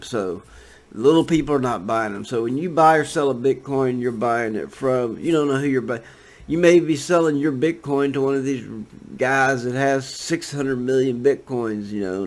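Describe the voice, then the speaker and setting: Rambling laid-back man talking crypto charts. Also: mid-range voice. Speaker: crypto trading commentator. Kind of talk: casual screen-share commentary.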